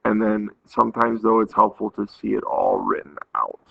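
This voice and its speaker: A man's voice: on the low side, wildly swooping pitch, moderate pace, gravelly, slightly rough, dry recording. A man teaching a math lesson, patiently explaining step by step and counting aloud. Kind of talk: recorded math lesson walkthrough. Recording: tinny phone-like audio, dry.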